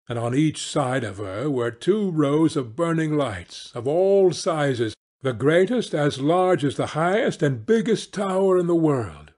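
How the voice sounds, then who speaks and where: A man narrating a fairy tale in a slow, expressive, dramatic way for English learners. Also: fairly high pitch. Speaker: storyteller.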